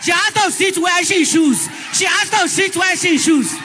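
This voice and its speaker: A woman voicing excited male drivers who shout as they take her side. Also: extremely high pitch, moderate pace, over music, pitched above the performer's own voice.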